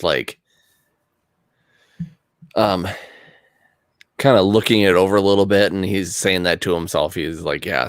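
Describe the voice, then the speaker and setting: A man's voice: low voice, clean tone, dry recording, studio quality. A man playing a tabletop game, mumbling and hesitant as he describes his character. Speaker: player.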